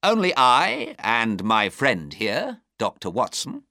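A man reads as a clever detective, measured and coldly polite, in a cool, assured full character voice. It sits well above his low narrating tone, swinging hugely and freely in pitch, and sounds bright and dry, recorded close up.

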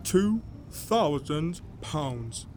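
Composed male gentleman traveler, read by a man, measured and precise, slow. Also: a little high, sing-song, slight background noise, exaggerated voice. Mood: polite. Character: calm determined English gentleman traveler. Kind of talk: audiobook dialogue.

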